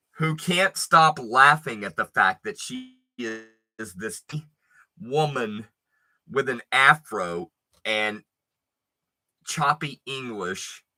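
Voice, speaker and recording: A man spinning a personal story in a slow, deliberate, emphatic way, full of swearing. His voice is bright and forward, and he lets pauses hang between phrases. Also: mid-range voice. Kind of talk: profane casual storytelling.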